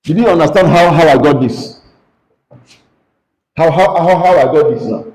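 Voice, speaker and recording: A man with a Nigerian English accent teaches a physics lesson, questioning students and coaxing them to answer aloud in call-and-response. His voice is fairly high, dark in tone and moderately paced, and the recording is rough and echoey.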